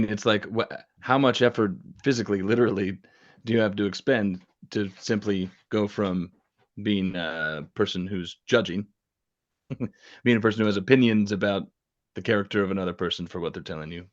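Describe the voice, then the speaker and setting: Low-voiced man on dull lo-fi audio. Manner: thoughtful, searching, rambling. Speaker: podcast host. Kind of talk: interview conversation.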